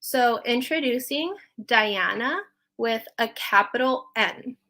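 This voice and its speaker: A woman's voice: a little high, lively intonation, slow pace, sharp tone. A woman co-hosting a livestream event, upbeat and gushing as she reads a fun fact and introduces an act. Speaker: event co-host.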